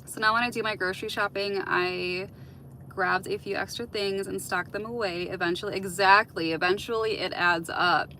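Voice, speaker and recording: A woman hosts a relaxed livestream, talking straight to her viewers as she answers their comments. Her voice is bright and forward. She fills her sentences with easygoing "like" and "um" and gives open, thoughtful advice. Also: mid-range voice, moderate pace, a little hiss or hum, low-quality recording. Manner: chatty, heavy use of "like" and "um"; open, reflective advice-giving. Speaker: livestream host. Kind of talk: casual live-stream chat answering viewer comments.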